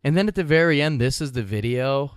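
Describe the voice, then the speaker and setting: A young man chats loosely on a podcast, dropping swear words and laughing between points. His voice is smooth and clear, recorded close in a dead, dry space. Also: medium pitch, expressive, fairly quick, no echo. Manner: laid-back, swears a lot, laughs often. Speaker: podcast host. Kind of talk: casual chat.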